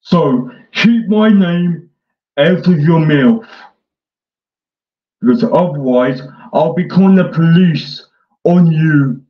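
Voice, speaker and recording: A man delivering a mocking parody rant in a sarcastic, taunting way, swinging between whiny and gruff. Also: a little high, slow pace, long pauses. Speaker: online troll. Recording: echoey dull lo-fi room.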